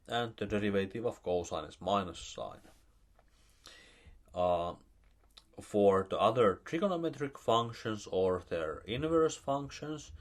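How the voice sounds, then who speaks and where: Male math lecturer, Finnish accent, slow and halting delivery with a varied pitch. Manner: slow, halting, with many fillers.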